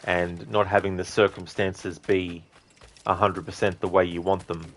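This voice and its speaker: A man with a deep, low-pitched voice talks through a live gameplay stream. He chats easily with viewers, reads their messages and thanks them, often pausing on an um or correcting himself partway through a sentence. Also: level tone, slight background noise. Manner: frequent ums and self-corrections. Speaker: livestreamer. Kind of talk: casual live game-stream commentary.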